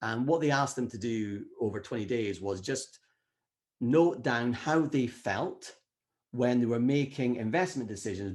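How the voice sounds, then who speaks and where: A middle-aged man giving an energetic motivational talk at a wellbeing summit, acting out quoted inner voices. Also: medium pitch.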